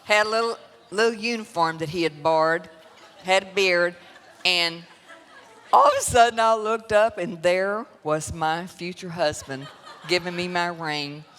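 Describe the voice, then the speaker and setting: A bit bright and on the low side, this Southern US guest speaker's voice keeps a measured pace as she tells her emotional testimony, full of laughter and sorrow, in a church sanctuary. Long hall reverb, some background chatter and a little hiss or hum are audible.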